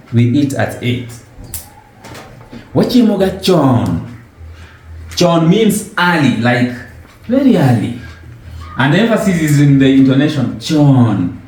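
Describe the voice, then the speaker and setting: A man's voice: mid-range voice, a little mellow, a little hiss or hum. A man giving an informal language lesson, patiently asking questions and repeating words for his learner. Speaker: language teacher. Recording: very echoey room.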